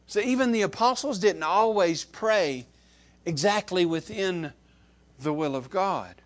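A man preaching a sermon, who stresses key words loudly, then drops to soft, low asides and repeats phrases to his listeners. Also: animated, measured pace. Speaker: pastor.

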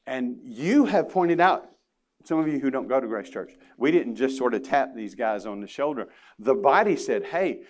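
A man preaching a sermon to his congregation, earnest and emphatic, with casual asides. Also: a little high. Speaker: pastor. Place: church sanctuary.

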